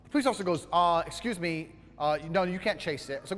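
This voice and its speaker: A man's voice: high-pitched, fast, in a large hall, loud music behind the voice. A man telling an indignant, swear-filled story and acting out what the other people said. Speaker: storyteller in a played clip. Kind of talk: profane animated anecdote.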